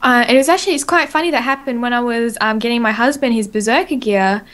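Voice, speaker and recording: A woman's voice: a little high, fast, fairly bright tone. An Australian woman hosting a casual gaming podcast, chatty and rambling, with lots of fillers and self-corrections. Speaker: podcast host.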